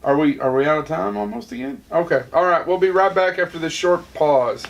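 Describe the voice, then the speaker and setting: A man's voice: a little high, expressive, fairly quick, gravelly, far from the mic, muffled recording. Jokey, opinionated podcast man. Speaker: podcast host. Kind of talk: casual chat.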